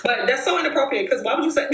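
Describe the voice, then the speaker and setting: A woman's voice: high voice, a bit bright, reverberant. A woman in her late twenties speaking straight to her viewers in a casual monologue. She is blunt, swears a lot and repeats herself for emphasis. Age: 20s. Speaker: vlogger.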